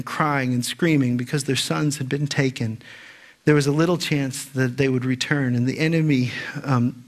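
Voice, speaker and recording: A male pastor preaching a sermon, telling a parable and asking the congregation emphatic rhetorical questions. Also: on the high side. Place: church sanctuary.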